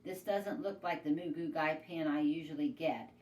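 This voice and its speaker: A woman's voice: low-pitched, moderate pace, a little mellow, natural voice. A woman reading aloud as a stubborn, belligerent old grandfather who grumbles and snarks. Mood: grumbling. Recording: echoey room, away from mic, faint noise.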